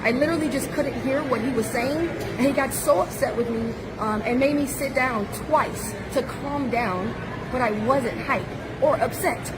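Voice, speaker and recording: A woman's voice: high-pitched, normal speed. A woman from the United States, a tourist telling a street interviewer about her upsetting experience, earnest and hurt, with many restarts. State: upset, near tears. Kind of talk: emotional street interview account. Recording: loud crowd and traffic noise. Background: loud crowd and passing vehicles.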